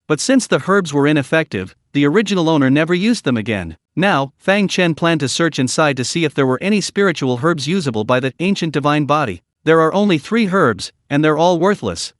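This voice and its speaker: A male storyteller narrates a fantasy recap in a fairly high voice with lively, rising and falling pitch. The recording is dry and close, with no room sound at all. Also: no room sound.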